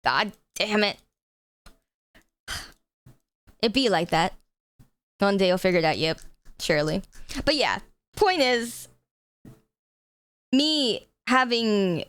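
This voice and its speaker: Lively, animated woman streamer. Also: medium pitch, takes it slowly, long pauses, no room sound. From United States. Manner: animated, laughing often, swears freely. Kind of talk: casual chat with live chat viewers.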